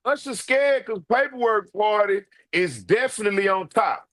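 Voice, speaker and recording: A man's voice: high-pitched, lively intonation, normal speed, fairly bright tone. A man giving casual ranting commentary, brash and profane, calling people out directly. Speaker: online commentator.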